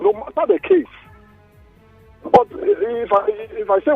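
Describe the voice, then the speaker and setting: Nigerian male caller, very high and jumpy pitch, gravelly and husky, tinny phone line. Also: moderate pace, no room sound, faint music behind. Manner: animated, hesitant, repeats himself.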